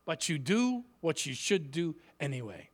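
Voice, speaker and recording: A man's voice: on the high side, very animated, measured pace. A man preaching as a guest speaker in a church, telling a story in a joking, self-mocking way. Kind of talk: humorous sermon storytelling.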